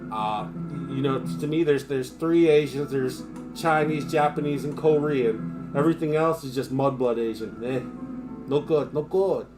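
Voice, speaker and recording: Profane ranting male live streamer. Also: medium pitch. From United States. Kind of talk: casual live-stream chat.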